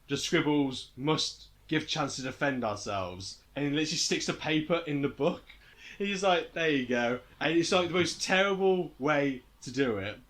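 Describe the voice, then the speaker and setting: A young man hosting a casual podcast, retelling scenes and acting out the lines with lots of laughter. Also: medium pitch. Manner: animated retelling, acting out quotes, frequent laughter. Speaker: podcast host. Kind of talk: casual chat.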